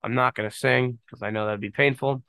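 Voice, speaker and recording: A man's voice: mid-range voice, steady tone, brisk, creaky, bright, forceful tone, no echo. A young man hosting his own podcast, rambling casually with jokes and lots of fillers. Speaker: podcast host. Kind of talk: casual solo podcast monologue.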